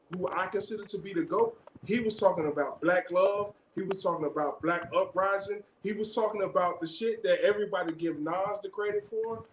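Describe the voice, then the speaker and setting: A man with a Southern US accent, co-hosting a podcast and arguing his point emphatically, swearing freely. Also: sits high. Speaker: podcast co-host. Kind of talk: heated casual debate. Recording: echoey room with clear noise.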